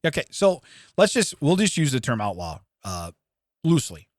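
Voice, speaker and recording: A man's voice: medium pitch, sing-song, dry recording, studio quality. A man co-hosting a comedy podcast, chatting casually, laughing often and riffing on the topic. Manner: laughs often, riffs with quick put-on voices. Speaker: podcast co-host.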